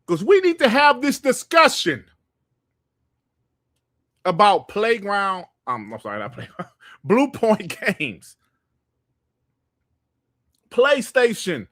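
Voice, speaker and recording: High-voiced man ranting fast and heated. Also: no echo, clean studio sound. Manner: heated, profane, animated ranting. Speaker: gaming podcast host. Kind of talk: livestream commentary rant.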